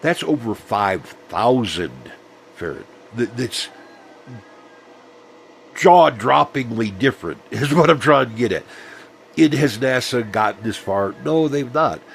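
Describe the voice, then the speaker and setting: A man's voice: mid-range voice, animated, unhurried, creaky, slight background noise. A middle-aged man, rambling through a casual vlog monologue with many ums and restarts. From Southern United States. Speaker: vlogger.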